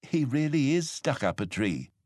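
A man voicing excitable young elephants in a storybook reading. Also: mid-range voice, moderate pace, no echo, clean studio sound, voice pushed up. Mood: eager. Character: eager, giggly young elephants.

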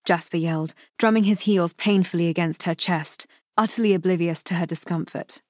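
A woman reading a novel aloud as an audiobook narrator, in a measured, even storytelling manner. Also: on the low side, dry recording, clean studio sound.

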